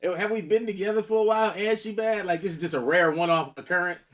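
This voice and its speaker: A man's voice: high voice, quick pace, fairly bright tone. A man co-hosting a podcast in casual, playful banter, easygoing and hedging. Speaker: podcast co-host.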